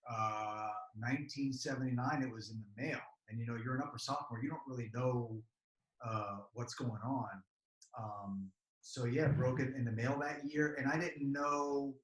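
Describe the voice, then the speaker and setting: A man in his fifties, a camp alumnus, recalling old memories in an interview and growing lively when he repeats old cheers. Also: mid-range voice. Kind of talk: reminiscing interview answers. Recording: echoey room.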